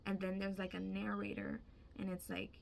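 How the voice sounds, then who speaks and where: A woman's voice: medium pitch, monotone, moderate pace, creaky. A woman casually retelling a vivid dream, chatty and emphatic, swearing freely. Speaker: storyteller.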